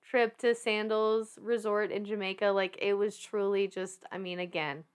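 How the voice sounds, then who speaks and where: A podcast guest in her thirties with a Southern twang tells her story in a smooth, middle-pitched voice at normal speed. She's animated and loose, laughing often and swearing without a second thought.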